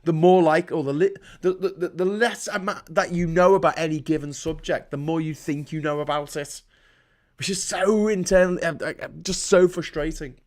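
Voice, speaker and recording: A man from the UK hosting a live stream, ranting in a sarcastic, sweary way with many false starts and restarts. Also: medium pitch. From United Kingdom. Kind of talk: live-streamed political rant.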